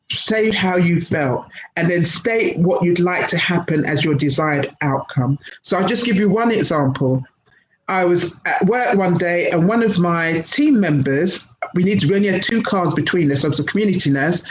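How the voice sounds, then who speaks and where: A woman's voice: fairly low pitch, a little hiss or hum. Woman presenting in an echoey room. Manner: direct, storytelling, varies pace. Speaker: workshop speaker. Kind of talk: webinar presentation with personal story. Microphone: video call.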